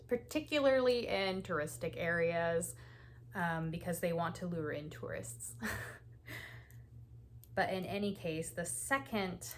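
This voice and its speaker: A woman's voice: lowish voice, a bit bright, a little hiss or hum. A woman hosting a knitting channel, telling stories in a chatty, casual way with frequent laughs and lots of "like"s. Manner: chatty, laughs often, many "like"s. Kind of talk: casual knit-and-chat storytelling.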